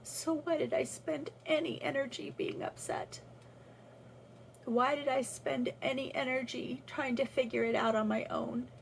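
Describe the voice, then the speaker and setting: A woman's voice: sits high, fairly even intonation, a little slow, creaky, slight background noise, poor audio. A woman talking through a personal faith reflection in a casual, earnest way, with restarts as she thinks aloud. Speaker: vlogger sharing a faith reflection.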